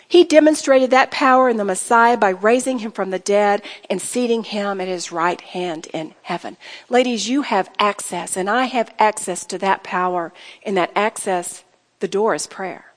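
A woman's voice: a little high, moderate pace. A woman teaching a women's Bible study, earnest and exhorting, often acting out sample prayers aloud. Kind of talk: sermon. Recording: hall reverb.

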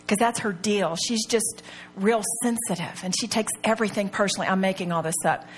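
A woman's voice: mid-range voice, brisk, slightly rough. A middle-aged woman teaching a Bible study to a live group. She tells personal stories earnestly and confidingly, with many rhetorical questions.

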